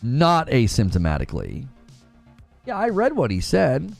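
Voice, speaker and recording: A man's voice: mid-range voice, unhurried, gravelly, soft background music. A man hosting a live gaming news stream, chatting casually and reading out chat messages. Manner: casual, talks to chat, thanks donors excitedly.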